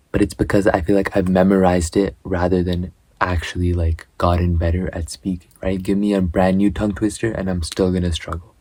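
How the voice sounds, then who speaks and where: A man's voice: low voice, mellow, slightly rough. A young man in a casual vlog, chatting and reciting tongue twisters, often tripping and starting over. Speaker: vlogger. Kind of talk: casual self-recorded practice vlog.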